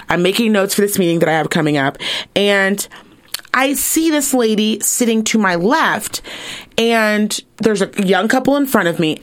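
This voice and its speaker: A young adult woman co-hosting a podcast, telling a story in a casual, animated and profane way and acting out the people she quotes. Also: medium pitch. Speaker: podcast co-host.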